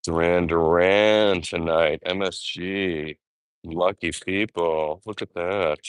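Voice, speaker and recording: Low-voiced man rambling on a park walk. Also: steady tone, takes it slowly, smooth, no echo. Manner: chatty, rambling, fond asides. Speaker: vlogger. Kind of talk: live-stream walking vlog. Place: outdoors in a city park.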